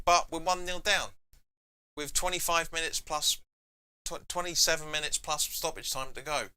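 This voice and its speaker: A man's voice: a little high, bright, forceful tone. A man hosting a live football watch-along, chatting casually and reading viewer comments aloud between reactions to the match. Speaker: fan channel host.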